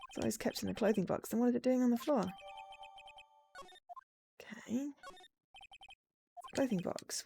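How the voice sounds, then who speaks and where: A woman streaming a game, reading its dialogue aloud and chatting along in an animated way. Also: medium pitch, normal speed, vocal fry, pauses often, faint music behind.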